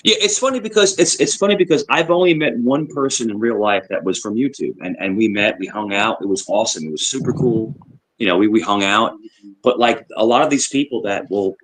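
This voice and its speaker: A man's voice: fairly low pitch, fairly quick, poor audio. Man asking probing questions. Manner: probing questions, restarts and repeats. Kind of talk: casual live stream chat.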